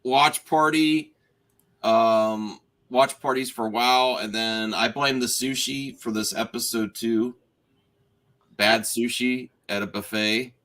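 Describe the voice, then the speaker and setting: A man's voice: mid-range voice, steady tone, slow pace, a bit bright. A man hosting a casual spoiler chat over a video call, rambling and restarting his sentences. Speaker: host.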